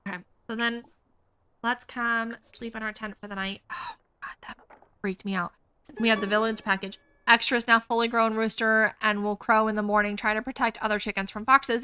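Excitable bright-voiced woman gaming host. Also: medium pitch. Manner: chatty and excitable, thinks aloud to viewers. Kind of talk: casual let's-play commentary.

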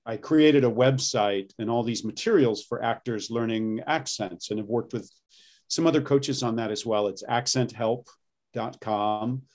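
A man's voice: mid-range voice, a little slow, a little mellow. A man who coaches voice and accents, explaining his work in a casual interview, with lots of ums and restarts as he goes.

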